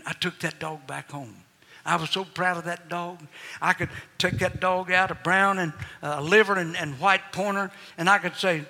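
A man's voice: high-pitched, normal speed, bright, forceful tone. An older man preaching a sermon, mixing folksy personal stories with fervent exhortation in a large auditorium. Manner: folksy Southern storytelling, rising to fervent exhortation. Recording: long hall reverb.

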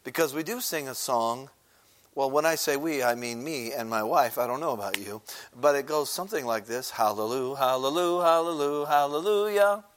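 A man's voice: mid-range voice, normal speed. A man preaching a sermon in a conversational teaching manner, using many filler words and asking the congregation questions as he explains. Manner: briefly sings a short chorus.

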